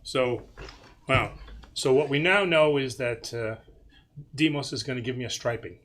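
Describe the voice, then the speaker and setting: A man's voice: medium pitch, normal speed, fairly bright tone. A man hosting a church question-and-answer livestream as its priest, talking casually with many fillers and restarts. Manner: rambling, lots of fillers and restarts.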